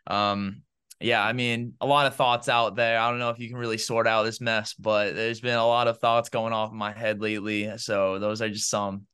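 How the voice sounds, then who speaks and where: A man's voice: on the low side, normal speed, clear, resonant tone. A man co-hosting a sports podcast, giving opinionated football takes in casual chat full of fillers. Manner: animated, opinionated, heavy on fillers like "bro" and "man". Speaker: podcast co-host.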